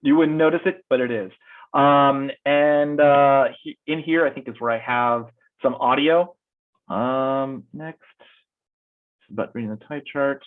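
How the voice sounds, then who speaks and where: A male instructor giving an online lecture, thinking aloud as he demonstrates software. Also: medium pitch, fairly even intonation, unhurried. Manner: thinks aloud while clicking through slides. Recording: tinny phone-like call audio.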